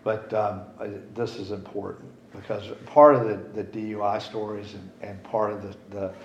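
A man's voice: fairly low pitch, fairly even intonation, normal speed. A middle-aged man speaking at a recovery meeting, candid and rambling, swearing casually. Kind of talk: recovery share talk. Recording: roomy, dull, faint hiss.

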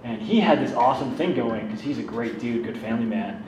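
A man's voice: mid-range voice, expressive, brisk. A man candidly telling a self-deprecating personal story about his recovery, in a casual, conversational way. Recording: roomy, distant mic, background noise.

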